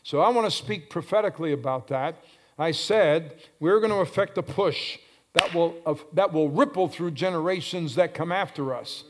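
A man with a fairly high voice preaches with fervor. He swells to loud, drawn-out calls and drops to hushed low phrases, hammering key words over and over. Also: background noise. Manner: repeats phrases for emphasis. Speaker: pastor. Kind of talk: sermon.

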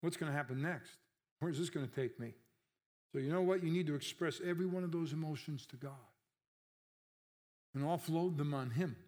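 A man's voice: a little high, fairly quick, long pauses, a little mellow. A man pastor delivering a conversational sermon, asking the congregation rhetorical questions and lifting his voice sharply on emphasized words.

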